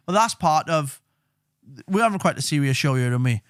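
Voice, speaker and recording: Brief: male podcast co-host, casual banter, cheeky and profane, slightly high voice, dry close sound. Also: lively intonation, brisk, a bit bright, smooth, no echo. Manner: swearing, joking, slips into impressions. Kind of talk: casual chat.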